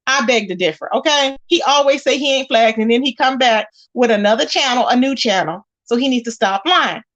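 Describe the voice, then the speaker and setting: Sassy high-voiced woman spilling gossip. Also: brisk, a bit bright. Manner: sassy, emphatic, rhetorical questions to viewers. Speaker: commentary channel host. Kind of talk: casual gossip commentary.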